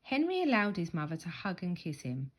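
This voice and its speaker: A woman reading a children's picture book aloud, with expressive storytelling. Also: lowish voice, brisk.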